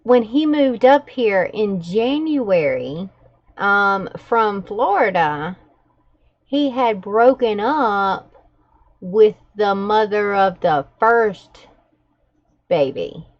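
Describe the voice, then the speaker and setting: Slow-talking chatty woman, dull stream audio. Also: mid-range voice, animated. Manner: unhurried, chatty, laughs between stories. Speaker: journaling vlogger, livestream host. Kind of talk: casual gossipy chat while journaling. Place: at home with her dogs nearby.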